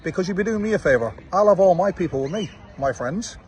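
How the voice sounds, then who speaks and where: A man's voice: high voice, animated, fast talker, a little mellow. A man from Manchester with a Manchester accent, a fight promoter recording a confrontational reply video outdoors and taunting with repeated "yeah?". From Manchester, England. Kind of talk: direct-to-camera reply video. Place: outdoors, watching football.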